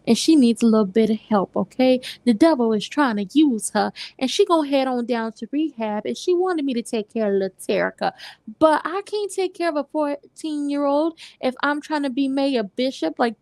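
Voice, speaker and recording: A woman hosting a casual TV recap, talking in a sassy, animated way and acting out lines from the scenes. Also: sits high, no echo. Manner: animated, sassy, retells scenes with quoted voices. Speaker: recap host.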